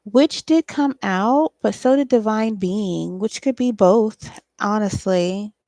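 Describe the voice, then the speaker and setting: A woman's voice: mid-range voice, slow, warm tone, no echo. A woman giving a casual solo tarot reading, thinking aloud in a loose, profane way with frequent ums. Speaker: tarot reader and psychic channeler.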